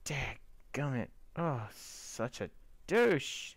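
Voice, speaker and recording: A young man giving excitable, cursing gameplay commentary and talking to himself as he plays. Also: medium pitch, drawn-out words, no echo. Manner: excitable, swearing, talks to himself and the mobs. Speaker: let's player.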